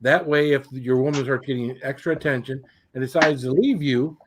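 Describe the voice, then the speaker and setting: A man's voice: medium pitch, moderate pace, a crowd in the background. A man joking through a casual stream chat, making wry asides.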